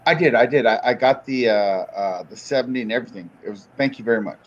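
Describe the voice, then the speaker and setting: A man's voice: mid-range voice, fast talker. A man joining a stream for a casual chat, laid-back and slangy, throwing in "dude" often. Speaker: guest on a stream. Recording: dull lo-fi sound.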